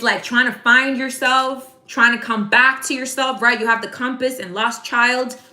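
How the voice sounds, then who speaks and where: Woman, tarot reader, slangy casual chat, bright voice, echoey room. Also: a little high. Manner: chatty and slangy, addresses viewers by name. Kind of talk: casual live tarot reading.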